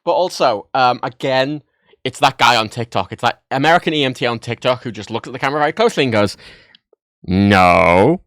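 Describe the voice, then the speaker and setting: A man hosting a livestream from his desk, chatting casually and excitedly while he jokes and rambles through a show-and-tell. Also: medium pitch, fast, no echo. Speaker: livestream host. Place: home desk setup.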